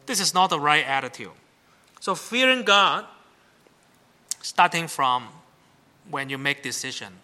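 Bright-voiced conversational male pastor. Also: a little high, animated, unhurried, pauses often. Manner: conversational, asks the congregation "right?". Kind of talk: sermon.

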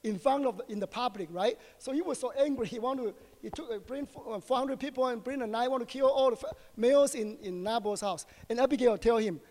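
High-voiced preacher in a reverberant hall. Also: male voice, darkish tone. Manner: asks the congregation short questions, halting with many fillers. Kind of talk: sermon.

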